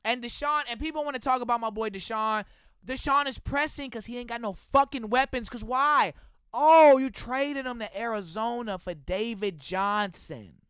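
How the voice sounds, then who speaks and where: Young Texan man, high bright voice, loud animated sports-podcast rants, dry close mic. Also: normal speed, clean tone, no echo. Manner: loud, animated ranting with laughter. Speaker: podcast host. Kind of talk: casual sports podcast chat. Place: indoor room with friends.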